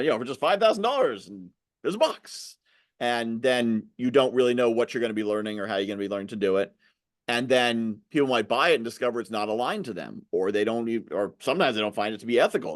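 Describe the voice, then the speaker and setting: A man hosting a podcast interview, chatting casually and acting out pushy sales pitches in exaggerated voices. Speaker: podcast host.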